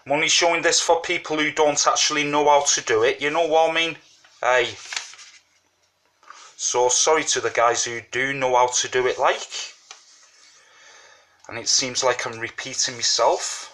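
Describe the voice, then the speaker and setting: A man's voice: medium pitch, fairly even intonation, normal speed, pauses often, pushed and bright, a little hiss or hum. A man hosting a casual origami tutorial, chatting through each fold with lots of fillers while sucking a mint. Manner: chatty, repeats "you know what I mean", many fillers. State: talking with a mint in his mouth. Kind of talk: casual step-by-step craft tutorial.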